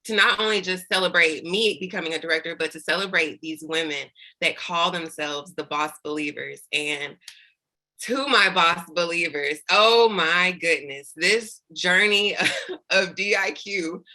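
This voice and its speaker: Tearful, bright-voiced woman giving thanks. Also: fairly low pitch, unhurried, rough recording. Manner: heartfelt and effusive, fighting back tears. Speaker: newly promoted sales director thanking her team. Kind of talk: celebration speech on a video call. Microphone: video call.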